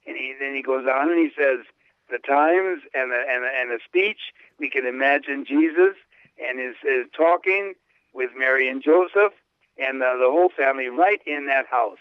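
A Latin scholar slowly reads a papal text aloud and explains it in unscripted talk, his medium-pitched voice rising on key words as he quotes emphatically. He breaks into enthusiastic asides and often repeats or restarts words. The recording is dry, with a narrow phone-line sound.

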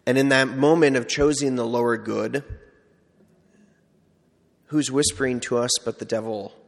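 A man preaches in a relaxed, chatty way, acting out small everyday scenes as he teaches. His voice sits at an ordinary middle pitch. It carries a long reverb, as if heard in a large church hall. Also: moderate pace, vocal fry. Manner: conversational, acts out little scenes. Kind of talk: informal sermon with storytelling.

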